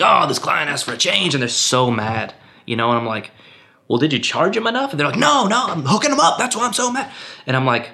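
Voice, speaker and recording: Bright-voiced male filmmaker, candid and relaxed. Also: lowish voice. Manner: relaxed and candid, many fillers like um and you know; acts out other people's lines in a raised voice. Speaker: filmmaker guest. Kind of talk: casual interview answers.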